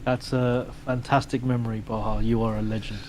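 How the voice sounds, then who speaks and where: A man's voice: medium pitch, flat delivery, fairly quick, darkish tone, a little hiss or hum, poor audio. Teasing British man gaming with a mate. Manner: teasing, banter-heavy. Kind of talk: casual gaming chat.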